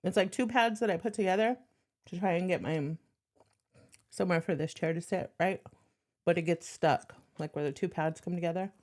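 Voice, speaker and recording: A woman's voice: on the low side, normal speed, a little mellow. A woman streamer talking bluntly and profanely in casual stream chat, with a sarcastic edge. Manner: slightly out of breath while moving furniture.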